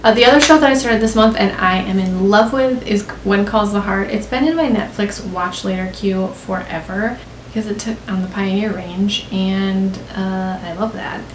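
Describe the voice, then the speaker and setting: Young woman, American accent, casual vlog chat, gushing and talkative, mid pitch, roomy echo. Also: normal speed. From United States. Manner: gushing, chatty, full of "like". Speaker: beauty vlogger. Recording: roomy with faint hiss.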